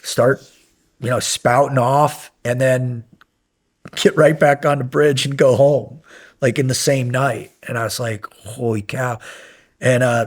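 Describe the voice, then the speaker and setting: Rambling, profane middle-aged man telling war stories. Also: medium pitch. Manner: rambling anecdotes with many fillers, profane and animated when recounting yelling. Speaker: podcast guest, former SEAL instructor. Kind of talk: casual storytelling interview.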